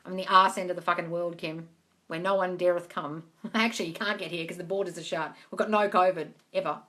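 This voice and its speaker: A woman's voice: lowish voice, steady tone, fast, sharp tone. A woman hosting a casual live question-and-answer stream from Australia, reading out viewer comments, chatting and swearing casually and calling listeners darling.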